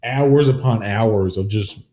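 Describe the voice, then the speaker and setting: Male co-host, low mellow voice, short comments, roomy sound. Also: slow pace. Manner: brief reactions, laughs along. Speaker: podcast co-host. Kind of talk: casual sports chat.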